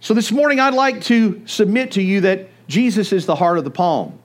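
A man preaching a sermon, telling the story with animated storytelling. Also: sits high, normal speed. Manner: animated storytelling, acts out voices. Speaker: pastor.

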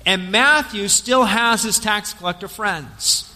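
A lively male pastor preaches a sermon in a high, bright voice. His amplified voice rings out with long reverb through the church sanctuary. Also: takes it slowly.

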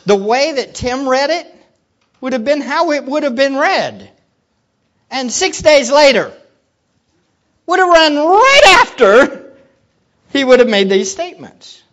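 A preacher giving a sermon, swinging from hushed low teaching to loud excited exclamations and putting questions to the listeners. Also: unhurried, pauses often, muffled recording. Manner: asks the audience questions.

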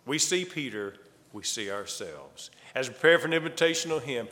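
A man preaching a sermon as a pastor, emphatic and dramatic, swinging between loud declarations and hushed lines. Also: mid-range voice, big pitch swings, normal speed. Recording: long hall reverb.

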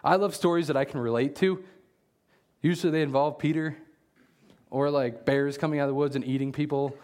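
Jokey, animated male preacher. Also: fairly high pitch. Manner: jokey and animated, with sudden loud bursts; reads scripture aloud slowly. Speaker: pastor. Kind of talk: casual conversational sermon.

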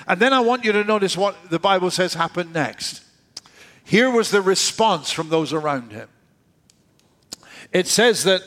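A man with a high voice preaching a sermon. He talks in a conversational way and often drops low and quiet to land a point. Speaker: pastor.

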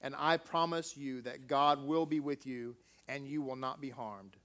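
A man's voice: mid-range voice, pitched below the performer's own voice. A man voicing the spirit of a grieving mother who whispers tenderly from her grave. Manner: hushed, slow and tender.

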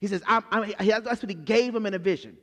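A high-voiced man preaches a sermon, telling the story in a loose, conversational way and slipping into the characters' voices as he goes. His voice rings out with a long reverb tail, as if from a big church hall. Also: fast. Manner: animated storytelling, acts out the characters.

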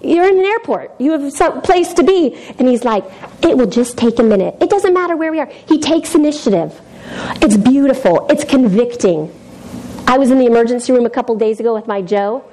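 A woman's voice: high voice, lively intonation, a little fast, mellow, poor audio. A woman giving an informal youth group devotional in a chatty, self-deprecating way, often laughing.

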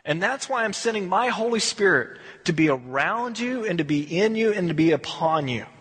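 A man voicing the Lord as a calm, gentle grown man reassuring his followers, speaking softly and patiently. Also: sits high, normal speed, breathy edge, in a large hall, exaggerated voice.

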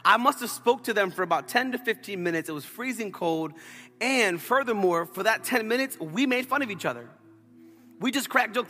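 Bright high-voiced pastor in an echoing hall. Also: male voice, brisk. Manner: animated storytelling with playful asides. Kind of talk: sermon. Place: church sanctuary.

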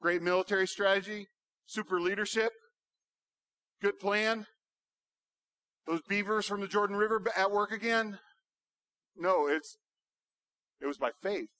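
A man's voice: high voice, a little slow, pauses often, bright, forceful tone, no echo. A man preaches in a slightly raised voice, pressing his points with emphatic rhetorical questions. The recording is dry and close, with little room sound. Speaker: pastor. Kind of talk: sermon.

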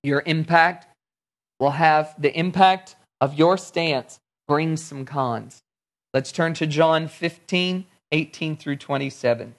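Storytelling preacher, fairly high voice. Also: male voice, slow. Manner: storytelling, conversational preaching with acted-out dialogue. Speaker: pastor. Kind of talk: sermon.

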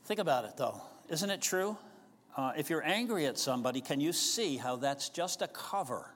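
A man's voice: a little high, animated, normal speed, fairly bright tone, big-room sound, a little hiss or hum. A man preaching a sermon in a casual, conversational way, often asking his listeners questions. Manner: conversational, asks the congregation questions. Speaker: pastor.

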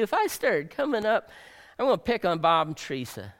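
A male pastor delivering a sermon, swinging dramatically between loud emphasis and soft near-whispers. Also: sits high, sing-song, fairly quick, in a large hall.

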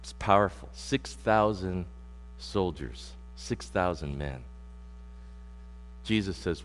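Animated male preacher in a reverberant hall. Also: deep voice. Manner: animated preaching with sudden loud emphasis and slowed scripture reading. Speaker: pastor. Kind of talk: sermon. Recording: long hall reverb with mains hum.

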